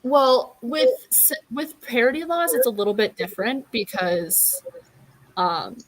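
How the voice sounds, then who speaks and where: A woman's voice: on the high side, a little slow, no room sound, low-quality recording. Blunt, wry woman in her twenties. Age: 20s. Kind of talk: casual chat.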